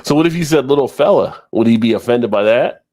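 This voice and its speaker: A man's voice: medium pitch, expressive, fast talker, a little mellow. A man hosting a casual live-stream chat, teasing his co-hosts with running jokes. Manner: teasing, jokey, repeats gags. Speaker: host.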